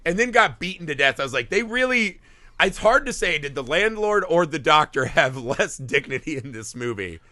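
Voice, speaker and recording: A man's voice: fairly high pitch, very animated, normal speed, pushed and bright, no echo. A man co-hosting a movie podcast, telling the story in casual, profane chat and acting out the characters' lines. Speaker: podcast co-host.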